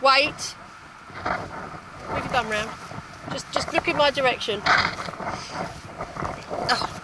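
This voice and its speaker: A woman's voice: high voice, slow. A woman dog trainer chatting on a live-streamed walk in a park, praising her dogs in a sing-song voice. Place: outdoors in a park. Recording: outdoor phone stream with loud noise. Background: loud outdoor noise.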